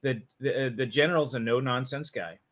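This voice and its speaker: A man hosting a casual film review chat, joking and animated, often restarting his sentences. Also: mid-range voice, a little fast. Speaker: podcast host reviewing a film.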